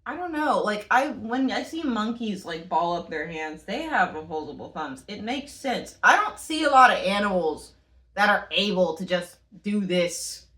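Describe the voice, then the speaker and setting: A woman co-hosts a casual comedy podcast, her medium-pitched voice at normal speed with a reverberant sound. She launches into animated, swear-heavy rants that break into laughter.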